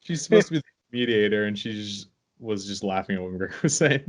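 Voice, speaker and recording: A man's voice: fairly low pitch, lively intonation, fairly quick. A man co-hosting a casual sports podcast, laid-back and opinionated, rambling through his points. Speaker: podcast co-host. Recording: dull lo-fi sound.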